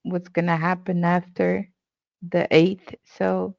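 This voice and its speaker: A woman speaking as a guest in casual chat, soft-spoken and earnest. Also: on the low side, flat delivery, slow pace, creaky, no room sound, highs cut off.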